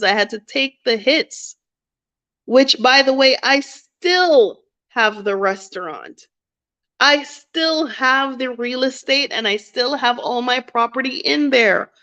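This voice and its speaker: A woman talks slowly and candidly about her own setbacks, circling back on key phrases to drive them home. Her voice sits a little high. The recording is muffled and lo-fi. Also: a bit bright. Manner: candid, reflective, repeats phrases for emphasis. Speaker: vlogger. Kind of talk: personal storytelling to camera. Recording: dull lo-fi recording.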